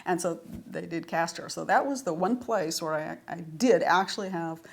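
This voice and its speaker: A woman's voice: lowish voice, moderate pace, creaky. A woman, who wrote for the series, chatting through anecdotes in a retrospective interview and laughing often. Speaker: series writer.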